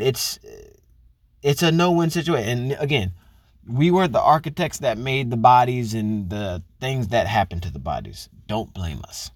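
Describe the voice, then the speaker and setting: A man's voice: mid-range voice, no room sound, clean studio sound. A man giving a blunt, profane relationship monologue, lecturing his listeners with pointed rhetorical questions. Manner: talks straight to women listeners, rhetorical questions. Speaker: commentator on relationships. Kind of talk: casual monologue.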